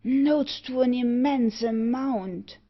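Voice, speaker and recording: A woman voicing a bitter, frightened young gentleman, delivering his lines slowly and tensely. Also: fairly high pitch. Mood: wary. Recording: dull lo-fi audiobook recording.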